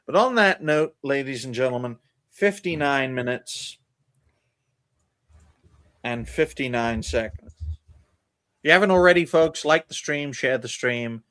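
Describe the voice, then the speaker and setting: A man's voice: medium pitch, fairly bright tone. A man hosting a casual streamed panel podcast, talking animatedly and calling the listeners folks. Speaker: podcast host.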